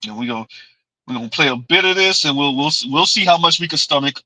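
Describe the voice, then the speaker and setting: Male stream host, high-pitched, emphatic and repetitive, dry close sound. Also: lively intonation, fast, bright, forceful tone, no echo, low-quality recording. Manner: emphatic, repetitive, refers to himself in third person. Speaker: livestream host. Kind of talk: commentary livestream.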